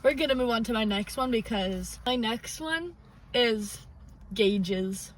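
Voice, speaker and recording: A young woman with a slightly high voice speaks slowly as a podcast co-host, chatting casually and rambling with lots of "like." The low-quality recording has faint noise, and she sounds distant and a bit off-mic.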